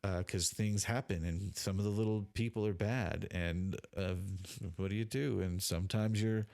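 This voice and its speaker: A man's voice: on the low side, fairly even intonation, normal speed, vocal fry, darkish tone. A man co-hosting a casual podcast chat, rambling and restarting his sentences often. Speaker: podcast co-host.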